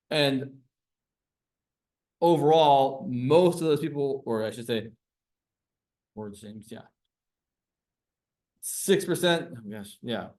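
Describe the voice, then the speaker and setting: Speaking in a fairly high voice, a man explains probability to his class one step at a time. He puts questions to the students and corrects himself as he goes.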